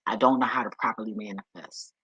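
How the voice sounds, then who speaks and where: A woman's voice: rumbling low, steady tone, fast, a bit bright, husky, dry recording, lo-fi sound. A woman talking casually to camera, telling stories in blunt, profane street talk and often breaking into laughter. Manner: acts out others' voices in quoted asides. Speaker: vlogger. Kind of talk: casual storytelling monologue.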